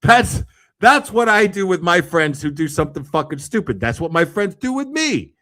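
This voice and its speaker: A man rants in casual commentary, cursing often and dripping with sarcasm. His voice sits somewhat high for a man, and he sounds openly exasperated throughout. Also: very animated, normal speed, bright, forceful tone.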